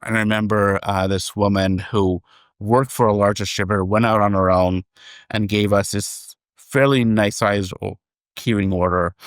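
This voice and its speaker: Lower-pitched guy on a podcast chatting about his company, does little voices for the people he quotes, dry sound. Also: dry recording. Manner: animated storyteller, acts out quoted dialogue. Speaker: company chairman, guest. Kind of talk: conversational podcast interview, storytelling.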